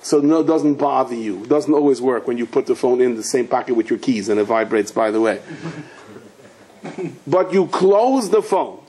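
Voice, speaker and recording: A man's voice: mid-range voice, lively intonation, moderate pace, warm tone, slightly rough. A man, a rabbi, giving a sermon in a storytelling way, asking questions and mixing in Hebrew and Yiddish words.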